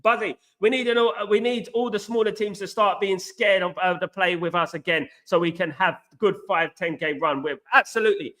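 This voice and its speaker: A Cockney man from East London hosts a live football reaction stream, his voice pitched high and ringing with a bright, sharp edge. He is excitable and chatty, shouting out viewers by name and leaning on the same stock phrases again and again. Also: a little fast, hardly any pauses. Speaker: host of a football reaction livestream. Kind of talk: live reaction chat reading viewer comments.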